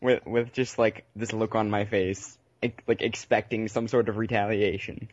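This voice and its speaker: A man playing a tabletop game, slow and playful with a teasing manner. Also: fairly low pitch, level tone, darkish tone, breathy edge, no echo, muffled recording. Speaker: player. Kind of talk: tabletop role-play chat.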